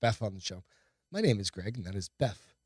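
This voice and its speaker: A man's voice: on the low side, big pitch swings, fairly quick, darkish tone, husky, no room sound, clean studio sound. A man co-hosting a casual podcast, joking around with profanity and playful teasing. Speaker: podcast co-host. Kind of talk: casual banter. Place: home, moved to Texas from Arizona.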